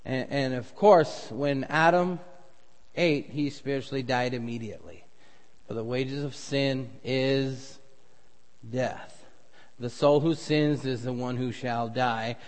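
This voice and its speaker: A middle-aged male pastor delivering a sermon, swelling to loud, emphatic peaks when making a point. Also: mid-range voice, fairly even intonation, takes it slowly. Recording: long reverb of a church hall.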